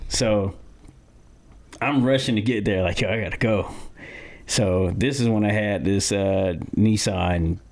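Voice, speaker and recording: Give me a man with a low voice who rambles, repeating himself and restarting, as a podcast co-host. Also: slow pace, a little mellow. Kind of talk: casual podcast chat and storytelling.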